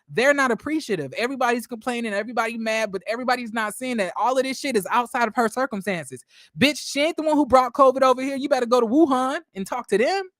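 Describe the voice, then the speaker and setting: A man casually recapping a TV episode for viewers, animated and swearing freely. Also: sits high, no room sound, clean studio sound. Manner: animated, swears a lot, addresses viewers as y'all. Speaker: show reviewer.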